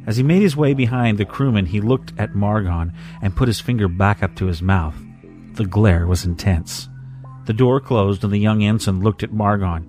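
A man narrating a fan fiction story in a measured, even way. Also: fairly low pitch, faint music behind. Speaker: story reader.

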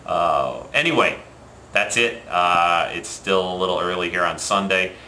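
Deep-voiced guy wrapping up his vlog, bright tone, roomy echo. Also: measured pace, slight background noise. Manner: relaxed, with fillers and restarts. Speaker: video channel host. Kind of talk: casual sign-off to viewers.

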